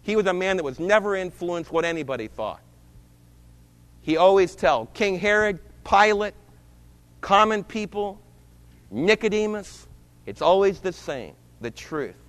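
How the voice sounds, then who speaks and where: Male pastor, high voice, theatrical sermon delivery with loud and hushed swings, big echoing sanctuary. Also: lively intonation, a little slow, long pauses. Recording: long reverb of a large hall.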